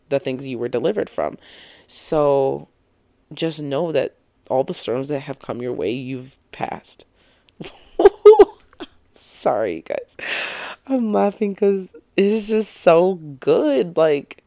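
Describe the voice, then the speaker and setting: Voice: medium pitch, creaky, darkish tone, no echo. A speaker in their twenties giving a casual, encouraging monologue as a vlogger, earnest and reflective, often laughing at their own points. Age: 20s.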